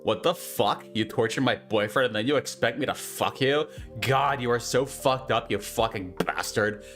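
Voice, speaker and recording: A man's voice: medium pitch, normal speed, a bit bright, natural voice. A whiny, self-pitying goth teenage girl complains dramatically, as a man reading a story puts her on. Faint guitar music plays behind.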